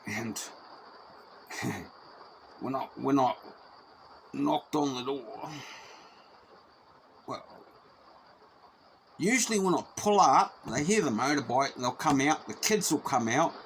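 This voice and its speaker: A man's voice: medium pitch, expressive, takes it slowly, long pauses, slight background noise, low-quality recording. A middle-aged man with a New Zealand accent telling a personal story casually, swearing freely and repeating himself as he goes.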